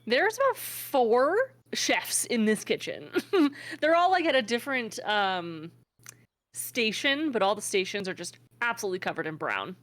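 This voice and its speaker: A woman's voice: on the high side, very animated, measured pace, fairly bright tone. A woman narrating a tabletop game as game master. She is chatty and fills her talk with "um" and "like". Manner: chatty, full of fillers and laughs.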